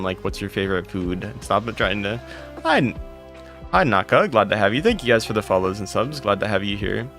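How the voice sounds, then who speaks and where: A lower-pitched man hosting a casual live game stream, rattling off quick hellos and thank-yous to viewers by name. He teases chat bluntly and sarcastically, then laughs it off, with faint music playing underneath. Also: a bit bright.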